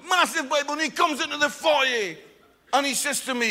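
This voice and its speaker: A man's voice: very high-pitched, moderate pace, sharp tone. A man preaching a sermon, passionate and emphatic, with jokes along the way. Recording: long echoing hall reverb.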